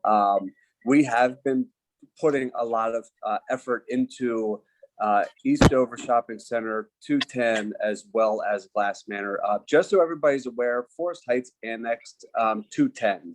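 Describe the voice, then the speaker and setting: A man's voice: mid-range voice, unhurried, slight background noise. A man who commands a police district, giving a formal, briefing-like update in an online community meeting. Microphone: video call.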